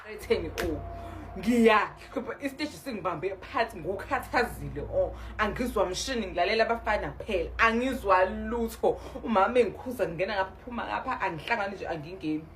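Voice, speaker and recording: A South African woman with a mid-range voice casually recounts a story from her school days. She chats mostly in isiZulu, sprinkling in English words, while clear background noise runs under the recording. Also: medium pitch, expressive, quick pace, hardly any pauses, a bit bright. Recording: noisy background ambience.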